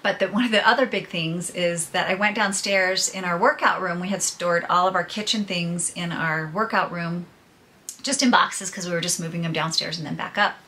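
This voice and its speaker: A woman's voice: lowish voice, moderate pace, pushed and bright, a little hiss or hum. A middle-aged woman vlogging to her viewers, telling her personal troubles in a candid, chatty way and laughing through them. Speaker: podcaster and vlogger. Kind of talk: casual personal storytelling to viewers.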